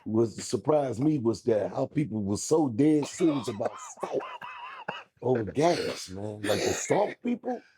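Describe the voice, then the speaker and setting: A man's voice: medium pitch, animated, measured pace, mellow, a little hiss or hum. A man, a comedian guest, telling rambling comic stories in casual chat and acting out little voices along the way.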